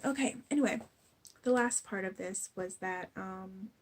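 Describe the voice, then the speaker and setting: A young woman recapping a TV episode in casual chat, chatty and gushing, jumping into a high voice to act out quotes. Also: unhurried, slight background noise, rough recording. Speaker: recap vlogger.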